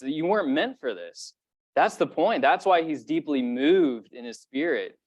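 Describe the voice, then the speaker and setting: Young male pastor, relaxed conversational preaching, mid-range voice, gets louder to drive a point home. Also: mid-range voice. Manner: casual conversational preaching with fillers; swells louder when stressing a point. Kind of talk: sermon.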